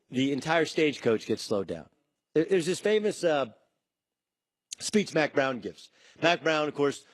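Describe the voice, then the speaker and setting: A man hosting a sports talk show, riffing in an animated way and acting out quotes in shifting voices. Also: mid-range voice, dry recording. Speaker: sports talk radio host.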